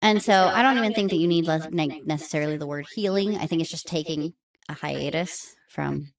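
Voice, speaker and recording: A woman in her thirties co-hosting a podcast in casual chat, animated and blunt, laughing often. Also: low-pitched, fairly quick, creaky. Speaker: podcast co-host.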